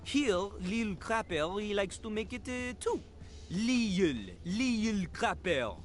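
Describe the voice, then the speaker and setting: A man's voice: sits high, expressive, slow, soft background music. An actor voicing a cocky male talking toilet who lectures and breaks into rap. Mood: lecturing.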